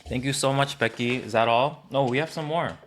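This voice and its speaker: A man's voice: medium pitch, brisk, fairly bright tone, a little hiss or hum. A man from Korea, co-hosting a podcast in casual chat with short, enthusiastic reactions. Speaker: podcast co-host.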